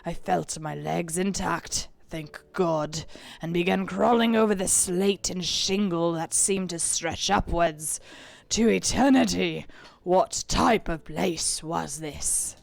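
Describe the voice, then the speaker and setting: Woman doing a grim weathered sea captain, gravelly and slow, a bit lower than her own voice, close and dry. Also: no room sound. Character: weathered male ship captain, grim and determined.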